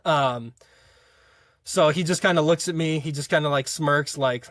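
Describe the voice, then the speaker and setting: In a casual interview, a young adult college football player tells a story, rambling with lots of fillers and restarts. His male voice is a little high and a bit bright, and he speaks a little slowly. The studio-quality recording has no room sound.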